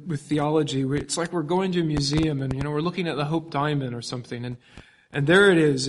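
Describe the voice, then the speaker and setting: A man preaching a sermon as pastor, emphatic, swinging from loud passages to hushed ones. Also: on the high side, slight background noise.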